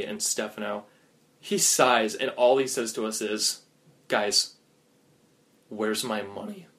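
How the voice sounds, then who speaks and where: A man casually telling a comic second-person story, laughing often as he narrates. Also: mid-range voice.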